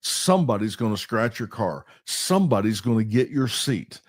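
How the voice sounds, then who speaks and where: A man's voice: fairly low pitch, sing-song, moderate pace, no room sound, studio quality. A middle-aged man and pastor hosting a podcast, talking emphatically in a sermon-like way and laughing at himself now and then.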